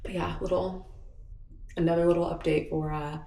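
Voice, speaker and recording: Speaking at a normal pace in a lowish, gravelly, mellow voice with little pitch movement, a young woman rambles frankly through a chatty diary vlog full of fillers. She's indoors at home, and the distant mic picks up an echoey room.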